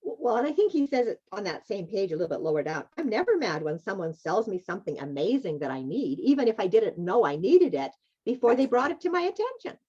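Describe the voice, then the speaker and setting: A woman's voice: medium pitch, very animated, quick pace, mellow, slightly rough. A woman co-hosting a casual chat, thoughtful, adding points and reading quotes. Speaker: podcast co-host. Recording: dull lo-fi audio.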